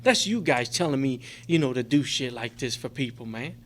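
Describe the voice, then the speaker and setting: A middle-aged recovery convention speaker addresses his group in a convention meeting room, offering an emotional testimony laced with profanity. His medium-pitched voice is expressive and a bit bright, at a moderate pace, with slight background noise, and he rambles with plenty of "man" and "you know."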